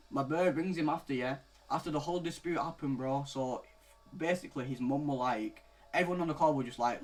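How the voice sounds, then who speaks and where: In a medium-pitched voice, a vlogger in his late teens rants through a story, rambling and swearing. He adds "bro" to nearly every phrase and jumps between low mutters and loud outbursts.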